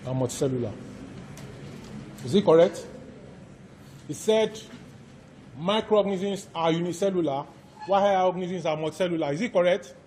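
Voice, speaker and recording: A man with a Nigerian accent, lecturing a class and slowly repeating each point for students to write down. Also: sits high, a little mellow, slight background noise. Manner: quizzes students directly. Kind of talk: classroom lecture, dictating notes. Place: lecture hall.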